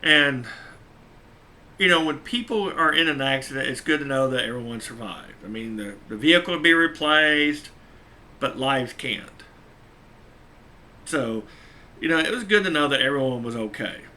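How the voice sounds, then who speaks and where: A man's voice: medium pitch, animated, normal speed, pauses often, sharp tone. A man who drives a truck, telling a story casually, chuckling often and repeating his points for emphasis.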